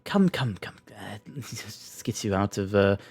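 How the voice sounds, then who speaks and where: A man voicing a poised noblewoman with an English accent, polite and smoothly hospitable. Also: lowish voice, unhurried, darkish tone, no room sound. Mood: welcoming. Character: poised noblewoman, gracious but guarded.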